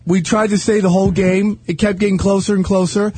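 High, husky man cracking crude jokes. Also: flat delivery, fairly quick, darkish tone, no echo. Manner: crude, joking interjections. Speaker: co-host. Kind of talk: casual chat.

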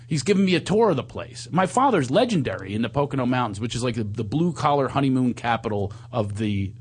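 A man hosting a radio talk show as a comedian, telling stories in a casual way and jumping into higher voices for his impressions. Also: fast, slightly rough. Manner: animated storyteller who jumps up in pitch for impressions.

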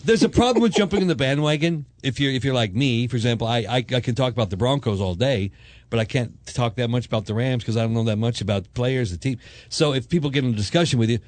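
A man's voice: mid-range voice, fast talker, a little mellow. A man co-hosts a casual talk show and riffs on the news with a joking, storytelling manner. His voice sits in a middle range. The sound is close and dry, with no room echo. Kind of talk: casual banter on news and sports.

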